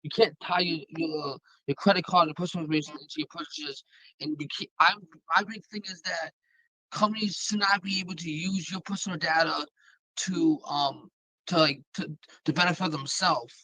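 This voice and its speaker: A man's voice: a little high, steady tone, normal speed, sharp tone, no echo, rough recording. A young man in a casual live audio chat, making an earnest point with many fillers. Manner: earnest, hesitant, filler-heavy.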